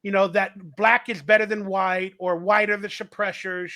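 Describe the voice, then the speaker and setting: High, bright-voiced man ranting emphatically. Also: little pitch movement, normal speed. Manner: rambling, emphatic, argumentative. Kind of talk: casual podcast conversation.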